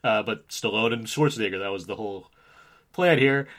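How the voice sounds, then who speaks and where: A man's voice: fairly low pitch, brisk, a bit bright. A man in his thirties hosting a casual film discussion; he talks animatedly, laughs often and acts out quotes from the movie. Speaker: podcast host.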